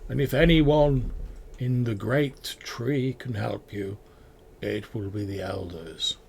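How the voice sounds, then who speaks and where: A man's voice: medium pitch, slow pace, gravelly, darkish tone, slight background noise. A man voicing an old male tree-dweller who speaks formally and with elaborate politeness. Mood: helpful. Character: courteous old male elder of a great tree.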